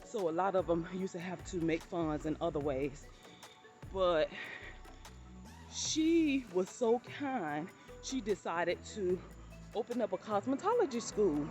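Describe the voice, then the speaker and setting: A woman's voice: lowish voice, animated, a little slow, darkish tone, faint music behind. A woman, chatting to her viewers in a casual storytelling vlog and calling them honey. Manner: chatty, addresses viewers as honey and you all. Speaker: vlogger telling personal stories.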